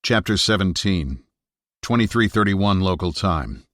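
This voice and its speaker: A man narrating an audiobook thriller in a steady, measured reading on a close studio mic. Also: deep voice, dry recording. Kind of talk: scripted narration.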